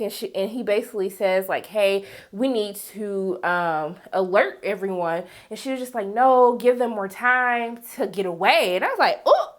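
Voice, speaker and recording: A woman reviewing a TV episode in a casual, sassy recap, acting out the characters' lines. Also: mid-range voice. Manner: animated, sassy, acts out characters in raised voice. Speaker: TV show reviewer.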